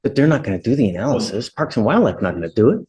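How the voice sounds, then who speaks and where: A male judge working through a courtroom docket in a loose, chatty way. His voice sits at a middle pitch, and he moves easily between cases with informal banter. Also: big pitch swings, very fast, a little mellow. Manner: casual, chatty and informal from the bench.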